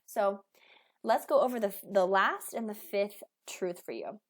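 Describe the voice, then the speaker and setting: A woman's voice: mid-range voice, unhurried. A woman in her thirties, a weight loss coach, giving a casual motivational talk full of fillers and restarts. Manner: chatty, with many fillers and restarts.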